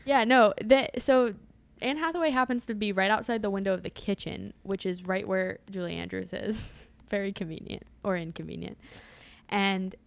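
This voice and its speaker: Chatty woman with a gravelly edge. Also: mid-range voice, normal speed, no echo. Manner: chatty, wry, laughs often. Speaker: podcast co-host. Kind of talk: casual movie recap chat.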